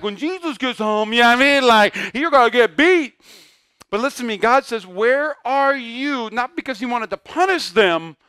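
A man preaching a sermon as pastor, swinging between loud emphatic bursts and hushed, near-whispered lines. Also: high voice, clean tone, no echo, studio quality.

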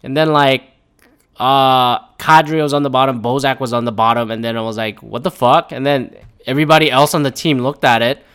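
A young podcast host rambles casually through his commentary, swearing and tossing in animated quoted asides. His mid-range voice is a little fast and has a clean tone.

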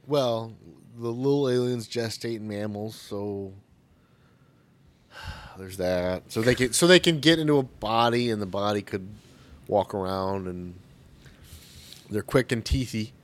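A man's voice: fairly low pitch, measured pace, long pauses. A man co-hosting a podcast, chatting casually, sarcastic and profane, often laughing. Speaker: podcast co-host. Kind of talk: casual chat.

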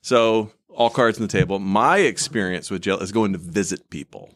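A man who is a pastor, hosting a casual podcast chat, asking quick questions and laughing often. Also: lowish voice, fairly bright tone.

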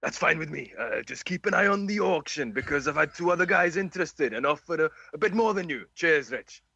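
A man's voice: fairly high pitch, animated, a little fast, creaky, sharp tone, breathy edge, dry recording, lo-fi sound, pitched above the performer's own voice, full character voice. A man putting on a South Welsh accent to voice a casual male bike seller reading his replies. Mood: breezy. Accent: South Welsh, put on. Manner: casual clipped texting tone.

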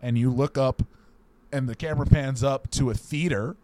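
A man's voice: moderate pace, dark tone. Casting: man, podcast co-host, loose rambling delivery full of ums, spinning goofy fake film plots. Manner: rambling, pitching absurd made-up movie plots. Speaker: teacher. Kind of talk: casual comedic chat.

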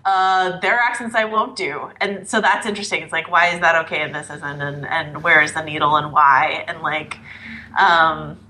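A woman co-hosting a podcast, musing aloud in a lively way with lots of fillers. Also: low voice, normal speed, slight background noise. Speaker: podcast co-host. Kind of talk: casual discussion.

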